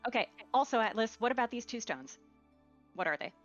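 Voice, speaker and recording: A woman's voice: on the high side, animated, a little fast, dull audio, soft background music. A woman playing in a tabletop role-playing game over voice chat, describing what her character does. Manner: describes her character's actions in third person. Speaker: player.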